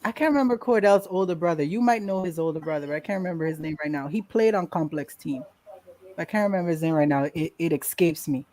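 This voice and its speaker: A woman guest in a casual interview, telling a lively story, acting out quotes and laughing often. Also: lowish voice, fast talker, dry recording. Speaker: podcast guest.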